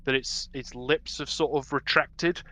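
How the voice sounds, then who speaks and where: A man's voice: mid-range voice, fairly even intonation, a little slow, pushed and bright. A man running a tabletop game as game master, describing scenes at length with many ums and restarts.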